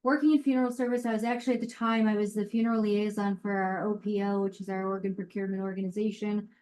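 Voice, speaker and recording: A woman's voice: medium pitch, little pitch movement, quick pace, darkish tone, slight background noise. A woman funeral director answering interview questions in a frank, matter-of-fact way. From Colorado. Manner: frank, matter-of-fact, speaks her mind. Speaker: funeral director and mortuary educator.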